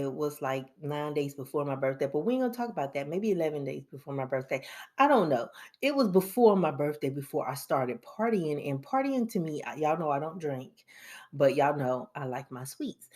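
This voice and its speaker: Low-pitched woman vlogger, casual and animated, cracks jokes and chats to viewers like friends. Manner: joking, animated, laughs often, addresses viewers as y'all. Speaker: YouTuber sharing monthly goals. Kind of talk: casual chatty vlog.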